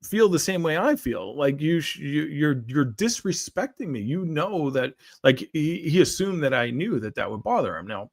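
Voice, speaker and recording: Gravelly man hosting a rambling morning talk. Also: fairly high pitch, very animated, normal speed, few pauses, dry recording. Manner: rambling, repeats words, frequent "right?" and "like". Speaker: morning show host. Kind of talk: casual solo monologue.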